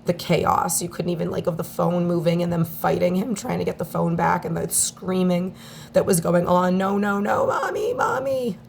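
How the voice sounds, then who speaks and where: Creaky low-voiced woman near tears. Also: monotone, a little mellow, a little hiss or hum. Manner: halting, heartfelt, with long pauses. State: on the verge of tears. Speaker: mother speaking out in a daily video diary. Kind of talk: emotional personal video statement.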